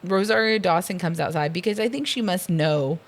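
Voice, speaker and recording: A woman's voice: lowish voice, brisk. A woman co-hosting a casual film podcast, recapping scenes with lots of laughter and ums, quoting lines in mock voices. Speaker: podcast co-host.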